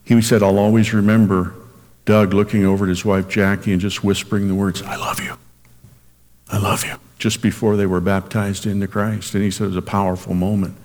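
A man's voice: on the low side, little pitch movement, fairly quick, darkish tone. Preacher man in a reverberant church. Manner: emphatic, rising sharply on key phrases. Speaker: senior minister. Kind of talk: recorded sermon for radio. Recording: long hall reverb.

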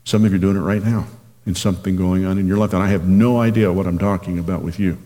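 A man preaching a radio sermon as pastor, earnest and direct, slowing down and lifting his voice when he reads scripture. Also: low voice, steady tone, mellow, long reverb tail. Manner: earnest, slows down and lifts his voice reading scripture.

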